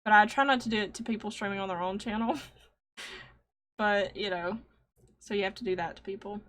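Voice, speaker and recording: A woman's voice: medium pitch, fairly quick, fairly bright tone. A woman co-hosting a casual stream show, teasing her co-host and laughing often. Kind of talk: casual chat.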